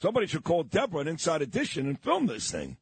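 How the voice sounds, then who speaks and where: Lively fired-up male radio host. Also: fairly high pitch, gravelly, breathy edge, no echo. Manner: fired-up, ranting, quick to laugh. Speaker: radio talk show host. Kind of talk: morning radio banter.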